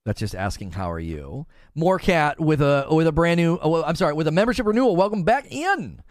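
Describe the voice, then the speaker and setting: A man's voice: fairly high pitch, big pitch swings, fairly quick, dry recording, studio quality. A man hosting a live stream, chatting casually and reading out viewer comments with frequent laughs. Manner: chatty, laughs often, reads chat aloud. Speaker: streamer host.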